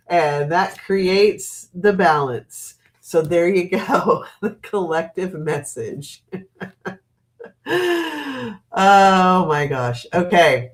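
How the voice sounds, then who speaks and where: A woman's voice: on the low side, very animated, drawn-out words. A middle-aged woman hosting a live tarot reading, chatty and laughing often, with casual swearing.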